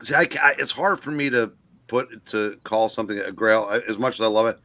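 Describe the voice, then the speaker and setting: An older man chatting casually about old comics, halting and restarting often as he reminisces. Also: on the low side, steady tone, sharp tone. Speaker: guest collector on a comic livestream. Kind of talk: casual chat.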